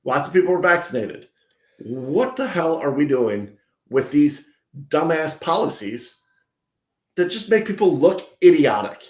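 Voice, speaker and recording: A man's voice: fairly high pitch, measured pace. Ranting male podcast co-host, roomy sound. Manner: ranting, animated storytelling. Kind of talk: casual podcast banter. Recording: roomy echo.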